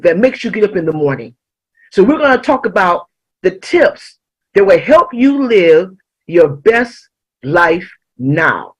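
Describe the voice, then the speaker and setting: Husky woman giving a lively motivational talk. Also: mid-range voice, rough recording. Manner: emphatic, repeats key lines slowly. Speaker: motivational speaker and life coach.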